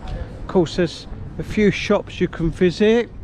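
Guy vlogging a street walk, kinda high voice, upbeat and chatty, traffic noise clear in the back. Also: slow pace, darkish tone. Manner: chatty, upbeat, keeps addressing viewers as guys. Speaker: vlogger giving a walking tour. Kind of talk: casual walking-tour commentary. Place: outdoor resort street with traffic.

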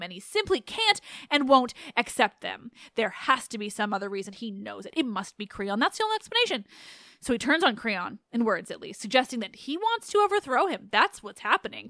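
Animated woman retelling a myth. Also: fairly high pitch, a little fast, dry recording, studio quality. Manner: chatty, animated, laughs and restarts. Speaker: podcast host.

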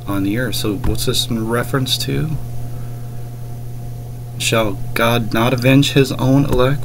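A man's voice: mid-range voice, a little hiss or hum, poor audio. A man reading King James verses aloud and scornfully rebutting a preacher's clip. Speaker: commentator reacting to a sermon clip.

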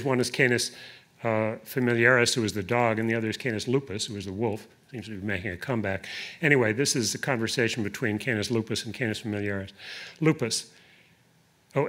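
A poet giving a live poetry reading, deliberate in the verse and hesitant in his asides. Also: mid-range voice, fairly bright tone.

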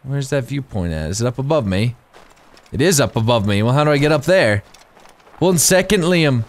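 Excitable gamer man. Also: medium pitch, fairly quick. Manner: excitable, rambling, laughs often. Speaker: gaming YouTuber. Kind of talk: casual let's-play commentary.

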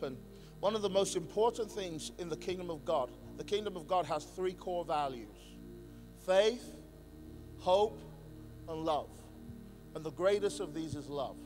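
A male pastor preaching an emphatic sermon, swinging between loud declarations and quiet asides. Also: sits high. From England. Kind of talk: conference sermon.

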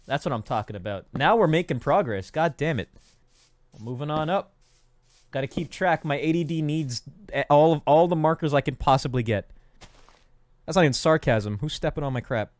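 A young man casually streaming a building game, rambling, cracking self-mocking jokes to his chat and counting out loud under his breath. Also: a little high, moderate pace, no echo, soft background music. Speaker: gaming streamer. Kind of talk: casual live-stream commentary while building.

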